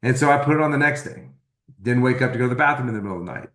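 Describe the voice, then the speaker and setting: Man telling an animated testimonial story. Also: medium pitch, rapid-fire, echoey room. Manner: animated storyteller acting out quoted dialogue. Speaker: testimonial speaker.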